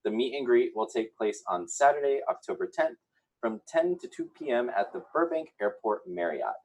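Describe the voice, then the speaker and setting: A man's voice: medium pitch, moderate pace, gravelly, rough recording. A man co-hosting a soap recap show, reading news and gossip in an upbeat way with some "uh"s. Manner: upbeat, animated delivery with filler "uh"s.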